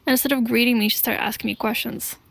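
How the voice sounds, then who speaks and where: A woman telling her own life story to camera in an earnest, deliberate way, pausing between short phrases. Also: on the high side, fairly even intonation, creaky, no room sound. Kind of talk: slow confessional storytelling.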